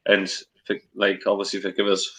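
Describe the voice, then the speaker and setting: A man talks football over a video call, rambling and opinionated. His voice sits a little low but sounds bright and forceful. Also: completely flat delivery, a little fast, low-quality recording. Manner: rambling, opinionated, many restarts. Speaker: co-host on a live match-day fan stream. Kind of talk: casual opinionated football chat.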